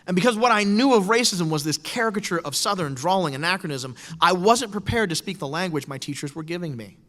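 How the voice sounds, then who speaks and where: Here a middle-aged speaker talks fast in a high voice, animatedly recounting a wry personal story with quoted voices to a lecture-hall audience. Long reverb fills the hall.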